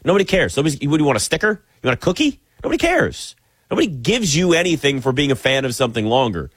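A man's voice: fairly high pitch, sing-song, quick pace, husky, no echo. Sarcastic American man ranting, dry sound. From United States. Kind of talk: opinionated sports commentary monologue.

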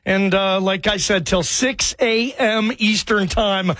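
A man's voice: high-pitched, steady tone, slow pace, dry recording, studio quality. Fired-up late-night sports radio guy. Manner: fired-up, loose, shouty. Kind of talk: energetic call-in radio talk.

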